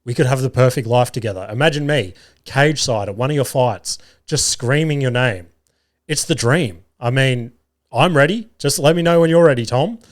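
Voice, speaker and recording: A man's voice: medium pitch, moderate pace. Swearing Australian man telling stories. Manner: animated, swearing, self-mocking. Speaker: podcast host. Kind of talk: casual storytelling monologue. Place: home garage studio.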